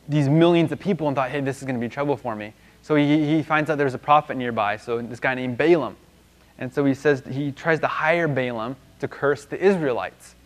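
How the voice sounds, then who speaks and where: A man teaching a Bible lesson in a loose, conversational way, with many restarts and fillers. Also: a little high.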